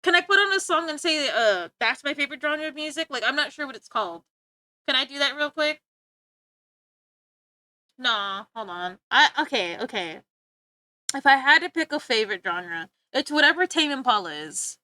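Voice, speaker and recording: A woman's voice: high voice, lively intonation, normal speed, sharp tone, no echo. A woman live-streaming, chatting casually and teasing her viewers, rambling and often breaking off to giggle. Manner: joking, teasing banter with chat. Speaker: livestreamer.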